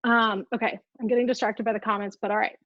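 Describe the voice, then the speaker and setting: A young food freedom coach talks fast in a slightly high, level voice during a casual live stream, full of "like" and asides reacting to viewer comments. She uses earbuds, so the sound is muffled, with no room sound.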